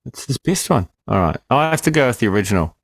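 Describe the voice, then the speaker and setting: A man's voice: medium pitch, very animated, quick pace, vocal fry, dry recording. A man co-hosting a casual film review chat, jokey and wry. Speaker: podcast co-host.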